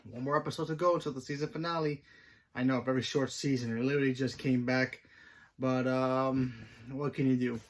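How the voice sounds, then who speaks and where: A man's voice: medium pitch, steady tone, a little fast. A man hosting his own channel, giving a casual, rambling review of a TV episode with plenty of fillers and restarts. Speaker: host.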